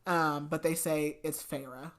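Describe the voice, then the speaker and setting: A woman's voice: low voice, fairly even intonation, takes it slowly, fairly bright tone. A woman co-hosting a podcast, chatty, retelling a story with lots of filler words. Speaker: podcast co-host. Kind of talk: casual book recap chat.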